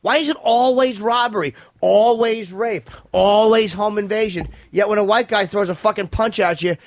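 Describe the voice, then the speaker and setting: A man co-hosting a radio show who rants in blunt, profane bursts. His voice runs high for a man and sounds dry and close on the mic. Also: normal speed, no room sound. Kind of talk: crude comedic radio banter.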